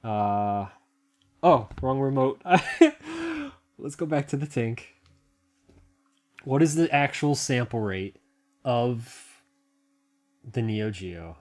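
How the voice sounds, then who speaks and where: A man giving a casual hands-on tech walkthrough, thinking aloud and rambling with fillers and restarts, excitable and quick to laugh. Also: medium pitch. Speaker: hobbyist video maker.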